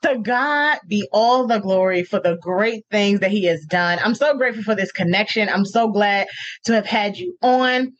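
A woman's voice: mid-range voice, moderate pace. A woman hosting a podcast interview, effusive and gushing in casual chat. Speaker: podcast host. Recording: muffled lo-fi audio.

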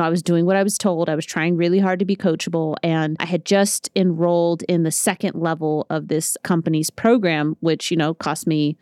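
Chatty woman with a lowish voice. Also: no room sound, clean studio sound. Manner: chatty, animated storytelling with acted-out quotes. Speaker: podcast host. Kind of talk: casual solo podcast talk.

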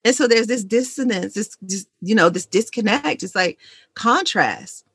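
A woman guest and money coach in a conversational interview, telling stories in an animated, emphatic way. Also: mid-range voice, normal speed, breathy edge, no echo.

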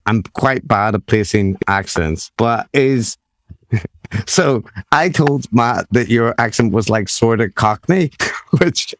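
A man's voice: mid-range voice, expressive, slow pace, no room sound, studio quality. A man co-hosting a casual interview podcast, who rambles, laughs often and speaks in a self-deprecating way. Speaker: podcast co-host.

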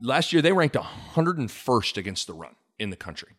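A man hosting a casual sports podcast, animated and joking, with rambling asides. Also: medium pitch, normal speed, husky, faint music behind. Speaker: podcast host.

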